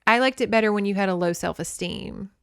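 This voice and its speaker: Condescending, sulky young man read by a woman, soft and dry. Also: medium pitch, a little fast, clean tone, no room sound, natural voice. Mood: disapproving. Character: young man, disapproving controlling boyfriend.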